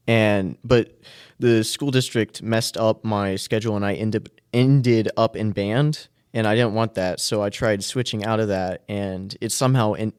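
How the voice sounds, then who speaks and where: A teenage student from Kentucky, soft-spoken, giving short, easygoing answers in a casual interview. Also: male voice, on the low side, clean tone, no echo, studio quality. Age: teens. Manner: soft-spoken, brief answers, laughs easily. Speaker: high school student guest.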